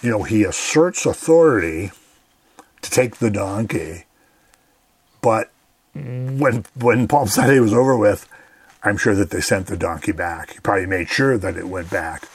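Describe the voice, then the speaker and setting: A man with a very low, husky voice teaches scripture on a radio program. He talks in an earnest, conversational way and often says "you know". His voice is recorded close and dry. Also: a little slow, dry recording.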